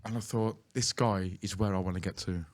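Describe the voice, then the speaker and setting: Chatty low-voiced male podcast host. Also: fairly even intonation, a little fast. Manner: chatty and admiring, loose nonstandard grammar. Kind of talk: casual interview chat.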